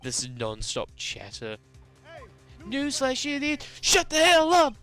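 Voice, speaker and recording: A nosy, cranky elderly woman guarding a hotel stage, scolding everyone in rapid bursts, as a New Zealand streamer puts her on. The pitch leaps around widely. The voice is bright, with faint game music underneath. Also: lively intonation. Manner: scolding, rapid-fire nagging.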